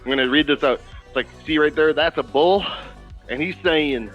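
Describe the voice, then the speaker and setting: A man's voice: a little high, moderate pace, lo-fi sound, soft background music. A man playing in a tabletop game, speaking hesitantly with restarts and chuckles. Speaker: player.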